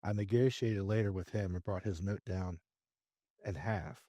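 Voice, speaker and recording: A man as a podcast guest, telling a business story in a lively way and acting out his own dialogue. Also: deep voice, moderate pace, dry recording. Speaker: podcast guest, real estate investor. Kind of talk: conversational storytelling interview.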